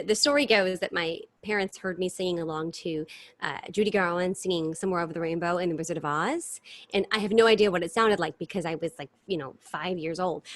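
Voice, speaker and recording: A woman's voice: mid-range voice, a bit bright, dry recording. A woman in her thirties, a stage performer, chatting animatedly about her career in a casual interview over a video call. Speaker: guest performer.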